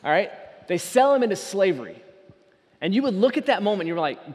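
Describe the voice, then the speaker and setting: Earnest high-voiced preacher in a reverberant hall. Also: male voice, sing-song, fast. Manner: earnest, rising to loud emphatic peaks. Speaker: pastor. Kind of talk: sermon.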